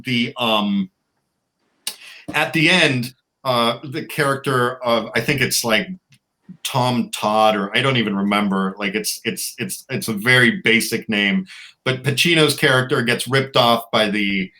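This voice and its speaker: A man's voice: mid-range voice, pushed and bright, rough recording. A man co-hosting a podcast, chatting casually and wryly, with many restarts and fillers. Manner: wry, offhand humor. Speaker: podcast co-host. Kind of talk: casual chat.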